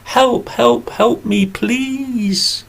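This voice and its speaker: A man's voice: steady tone, extremely slow, creaky, exaggerated voice. A man playing a small desperate trapped bee. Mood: pleading. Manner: high crying calls.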